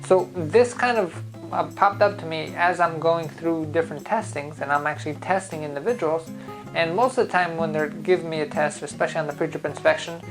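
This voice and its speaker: The founder of a driving school speaks directly to his viewers in an upbeat, coaching style, giving a motivational talk to camera. His voice is slightly high and brisk, heard over music in a low-quality recording.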